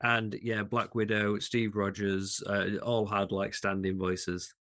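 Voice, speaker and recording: A man's voice: lowish voice, level tone, slow, a bit bright. A man co-hosting a casual podcast chat, talking enthusiastically with frequent restarts and laughs. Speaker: podcast co-host.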